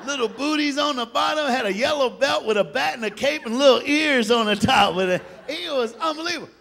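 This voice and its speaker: A preacher telling a funny story in a sermon, playful, laughing often and animated. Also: male voice, very high-pitched, brisk, vocal fry, slight background noise.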